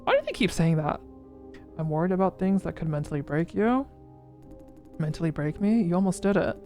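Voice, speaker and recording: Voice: medium pitch, sing-song, fairly quick, darkish tone, soft background music. A game streamer reading a story game's dialogue aloud during a playthrough, giving each character's lines their own emphasis. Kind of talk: voicing visual novel dialogue in a playthrough.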